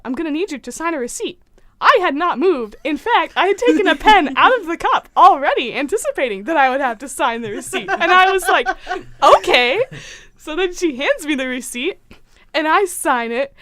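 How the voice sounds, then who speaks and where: Young woman, high voice, dry close mic, casual storytelling host. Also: no echo. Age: young adult. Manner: animated, acts out quotes. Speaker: podcast co-host.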